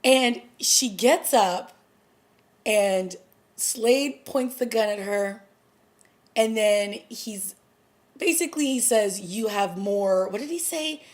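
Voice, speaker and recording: A woman excitedly reviewing a TV episode in a casual vlog, stumbling over her words as she retells the scenes. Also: on the high side, slow, long pauses. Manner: gushing and breathless, stumbling restarts.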